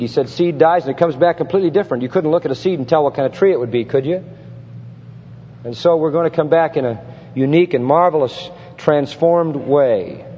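A man preaching an expository sermon, emphatic and building to forceful peaks with rhetorical questions. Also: fairly high pitch, husky. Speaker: pastor. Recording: dull lo-fi sound with long hall reverb.

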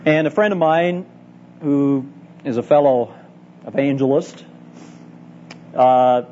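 Speaking slowly in a warm, medium-pitched voice, this middle-aged man teaches at a Bible college and is preaching to church leaders at a conference. His sermon is earnest and emphatic, full of personal anecdotes and direct appeals to the audience, captured on dull lo-fi tape carrying a faint hum.

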